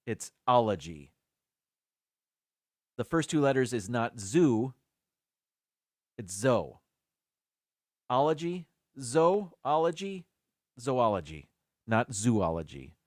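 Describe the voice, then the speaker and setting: A man's voice: medium pitch, big pitch swings, a little slow, pauses often, a little mellow, no room sound, studio quality. Chatty man sounding out words. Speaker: live stream host. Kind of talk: casual chat on a live stream.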